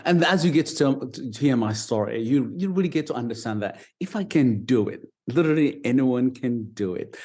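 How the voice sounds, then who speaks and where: Ugandan British-accented man, interview guest, earnest and animated, mid-pitched. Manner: earnest, animated, repeats words as he goes. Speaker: guest, foster dad. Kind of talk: casual interview talk.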